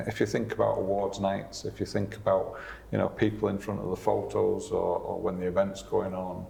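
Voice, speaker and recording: A man with a low, gravelly voice hosts a podcast, spinning anecdotes with chatty energy. The small meeting room gives an echoey sound with faint ambience behind him. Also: a little hiss or hum. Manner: animated storyteller, chatty. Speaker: podcast host. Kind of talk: casual conversation, anecdotes.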